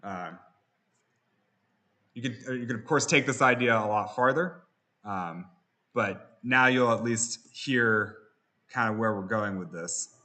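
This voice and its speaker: A man walks through a music production lesson in a relaxed, unscripted way, often stopping on fillers and restarting phrases. His voice sits somewhat low and carries a bright, forward tone. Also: unhurried, long pauses. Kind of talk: software tutorial.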